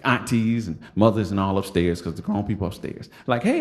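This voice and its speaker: A man, a stand-up comic telling a funny story live on stage, animated and laughing as he acts out other voices. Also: lowish voice, brisk. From Detroit. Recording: roomy stage sound with noise.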